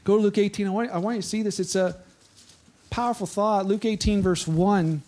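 A pastor with a fairly high voice preaches a casual, conversational sermon. He tells the story in an animated way, slipping into the voices of the people in it. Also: brisk.

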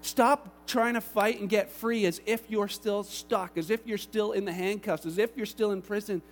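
A man in his thirties preaching a sermon, telling family stories in an animated, lively way. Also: high voice, moderate pace, a little hiss or hum. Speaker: pastor. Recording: long reverb of a large hall.

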